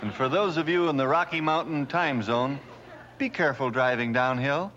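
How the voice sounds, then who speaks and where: A man's voice: medium pitch, moderate pace, dull audio, a loud crowd, heavy background noise. A man reading joke headlines as a mock-serious anchor in a sketch comedy newscast. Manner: mock-serious news delivery. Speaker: news anchor.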